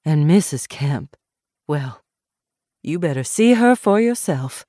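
A woman voicing a brisk, stern, heavy-set Southern woman of about sixty, with an upcountry Southern accent. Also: sits low, lively intonation, dark tone, dry recording, studio quality, heavily acted. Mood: grave. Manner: brisk, commanding.

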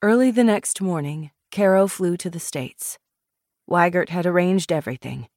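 A woman reading a novel aloud in measured, expressive scripted narration. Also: fairly low pitch, no room sound, clean studio sound. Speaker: audiobook narrator.

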